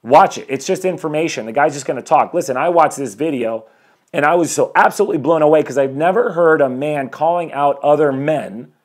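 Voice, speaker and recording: A man's voice: fairly high pitch, a little fast. A man in his forties, a life coach talking energetically and a bit ramblingly to viewers on a live stream from his home, preaching about self-improvement and greeting people as they join. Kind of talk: motivational live-stream talk.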